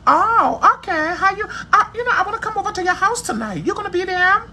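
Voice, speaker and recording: A high, sing-song falsetto of a woman chatting on the phone, as a man puts her on to mock someone. The voice swoops up and down and sounds bright and a little strained. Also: lively intonation, brisk, slight background noise, exaggerated voice. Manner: mocking falsetto imitation.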